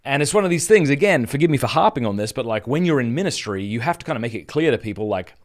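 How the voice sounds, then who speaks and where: He talks fast and animatedly, barely pausing, in a medium-pitched voice. This Australian man in his thirties, a Catholic speaker who hosts a podcast, is running a live stream and recounting a personal story casually and earnestly, often starting over.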